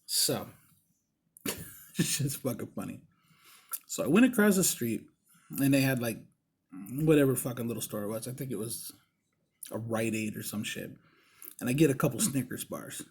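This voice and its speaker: Husky man swearing through a story. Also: medium pitch, expressive, moderate pace, pauses often. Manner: heavy swearing, laughs while telling; shouts in mock-angry voices for quoted people. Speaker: podcast host. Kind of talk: casual storytelling.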